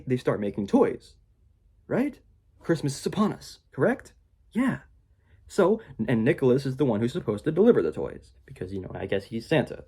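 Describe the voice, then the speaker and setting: Rambling young man with lively pitch. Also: moderate pace, husky. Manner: rambling, filler-heavy, with mocking quoted voices. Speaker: movie reviewer. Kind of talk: casual spoken movie review.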